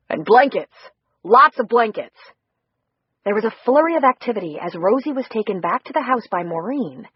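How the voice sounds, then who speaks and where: An audiobook narrator reading steadily through a novel. The voice is breathy and mid-pitched, and the recording is dry and somewhat dull. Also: dry recording. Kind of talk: scripted narration.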